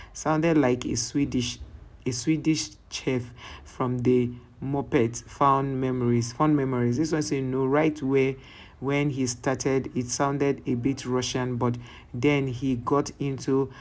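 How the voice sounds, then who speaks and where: This is a reaction channel host going through viewer comments one by one. The reading is halting, with words restarted mid-sentence. Between comments the host slips into loose, conversational asides. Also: mid-range voice, darkish tone.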